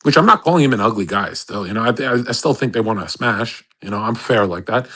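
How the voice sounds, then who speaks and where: A man's voice: mid-range voice, a bit bright, husky. A man in his thirties hosting a livestream, giving a blunt, profane motivational rant and acting out quoted voices. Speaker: host. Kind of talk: livestream monologue.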